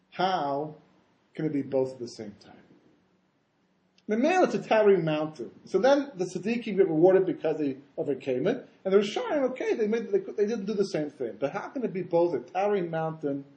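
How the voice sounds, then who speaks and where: Animated rabbi a high, lively voice. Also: male voice, fairly quick, roomy sound, low-quality recording. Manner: animated, acts out voices in quotes, rhetorical questions. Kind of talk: Torah lecture.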